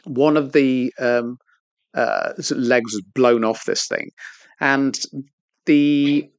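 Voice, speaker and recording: A man's voice: medium pitch, fairly even intonation, takes it slowly, dry recording. A man co-hosting a podcast, telling stories in casual chat over beers. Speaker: podcast co-host.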